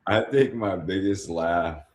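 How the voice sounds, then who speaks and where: A man with a very low voice co-hosting a casual movie podcast. He is laid-back and acts out quoted movie lines with relish. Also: slow pace, slight background noise. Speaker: podcast co-host. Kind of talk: casual chat about a movie.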